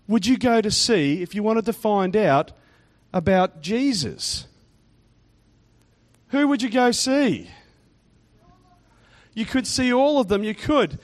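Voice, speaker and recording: Man, children's talk at church; high, bouncy voice, chatty and teasing with the crowd. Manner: chatty, teasing, quizzes kids and congregation. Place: church in front of a congregation.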